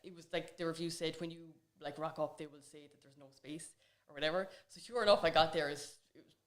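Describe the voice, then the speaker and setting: A woman with a fairly low voice chats as a podcast guest. She tells stories in a loose, rambling way, full of fillers and asides. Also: steady tone, fast. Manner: chatty storyteller, many fillers. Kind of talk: casual chat.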